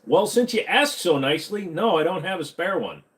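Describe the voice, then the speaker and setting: A man's voice: sits high, expressive, normal speed, fairly bright tone. A man hosting a casual live stream from his home computer room at a desk mic, answering viewer questions with jokes. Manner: slips into a bad Southern accent. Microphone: desk microphone.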